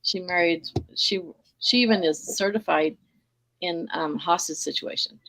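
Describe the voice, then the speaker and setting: A middle-aged woman telling lively personal stories in a casual group video chat, laughing often. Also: fairly low pitch, unhurried, low-quality recording. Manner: animated storyteller, laughs often. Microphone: video call.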